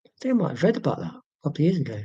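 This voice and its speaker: A man's voice: fairly high pitch, very animated, racing, mellow, slightly rough, no room sound, highs cut off. A man hosting a casual livestream from home, reading viewer comments in a chatty, rambling, self-deprecating way. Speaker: YouTube channel host.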